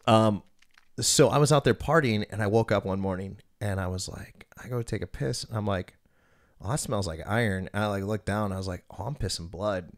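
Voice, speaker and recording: Low-voiced man telling profane stories. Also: a little fast. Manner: profane storyteller, acts out quotes, laughs often. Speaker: podcast host. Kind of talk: casual podcast chat.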